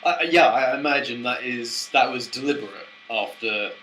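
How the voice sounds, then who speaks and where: Bright-toned easygoing podcast co-host man. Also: mid-range voice, a little hiss or hum, low-quality recording. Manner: easygoing, quick agreeing interjections. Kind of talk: casual chat.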